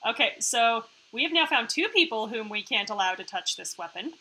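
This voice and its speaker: A woman's voice: on the high side, a little fast, rough recording. A woman streamer reading a story game aloud and chatting about it in a playful way. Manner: playful, chatty, reacts with excitement.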